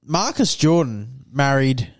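A man co-hosts a crude, casual podcast. He rambles through stories, acts out the other people in them, and swears freely, at a middling pitch. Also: very animated, slow, creaky. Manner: rambling storytelling, swears a lot. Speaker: podcast co-host.

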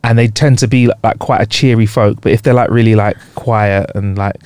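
A man's voice: on the low side, fairly quick, clear, resonant tone, dry recording. A man co-hosting a podcast, joking around in casual chat. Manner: joking, playful, animated. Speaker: podcast co-host.

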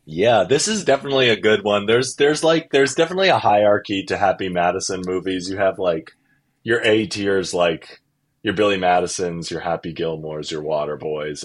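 A man's voice: low voice, moderate pace. A man chatting as a podcast guest, casual and hesitant, and reading a lead role in a comedic script read-through. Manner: casual, hesitant, lots of fillers when chatting.

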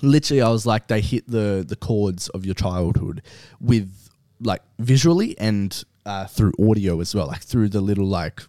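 A young man co-hosting a podcast in casual chat, relaxed and swearing freely. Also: fairly low pitch, no room sound, studio quality. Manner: relaxed, swears often, drawn-out phrasing. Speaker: podcast co-host.

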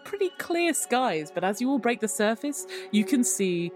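A woman's voice: a little high, sing-song, moderate pace, over music. A woman narrating a tabletop game as game master, descriptive with frequent fillers.

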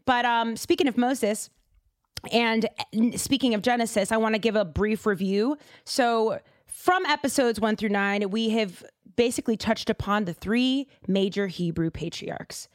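A woman's voice: on the high side, unhurried, no room sound. Chatty woman hosting a podcast, dry sound. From Boston, USA. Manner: chatty and animated, with lots of fillers and side remarks. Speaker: podcast host. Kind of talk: casual podcast talk.

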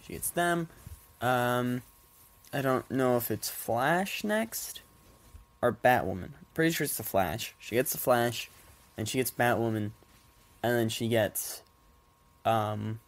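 Speaking slowly with frequent pauses, a man with a medium-pitched voice hosts a casual solo podcast from home, his cats nearby. His stuffy nose makes him sound congested and nasal, and he rambles, laughs a lot, and swears casually.

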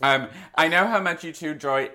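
A woman's voice: low voice, brisk, pushed and bright. A woman in her thirties co-hosting a podcast, joking around and reading out listener mail in casual chat. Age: 30s. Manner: playful, jokey, reads out listener mail. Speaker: podcast co-host.

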